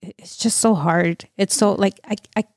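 A middle-aged woman telling her own painful story as an interview guest, halting and full of restarts and fillers. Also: mid-range voice, no room sound, studio quality. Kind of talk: emotional personal testimony.

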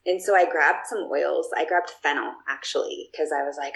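A woman's voice: sits low, fairly even intonation, fast, creaky, a bit bright, a little hiss or hum, poor audio. A woman guest telling personal stories in a casual, chatty way, with plenty of fillers and restarts. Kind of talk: casual storytelling.

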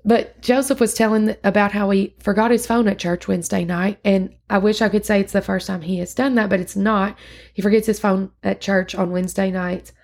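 Earnest woman with a gravelly edge. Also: medium pitch, fairly even intonation, fairly quick, a little mellow. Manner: chatty and earnest, with frequent fillers and restarts. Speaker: podcast host. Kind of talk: casual recap of a church sermon.

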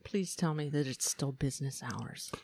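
A player in a tabletop game, chatting casually with eager, quick replies. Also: mid-range voice, creaky, darkish tone, slightly rough.

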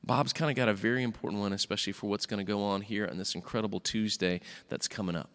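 Bright-voiced pastor in a reverberant church. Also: male voice, fast. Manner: animated storytelling, jumps into high voices for quoted characters. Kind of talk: sermon retelling a Bible story. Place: church sanctuary.

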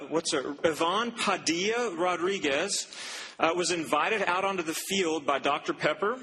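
A man's voice: a little high, pushed and bright, husky. A young man preaching a sermon to students, telling a story in a loose, chatty way with asides and laughs. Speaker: campus preacher. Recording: long hall reverb, faint ambience.

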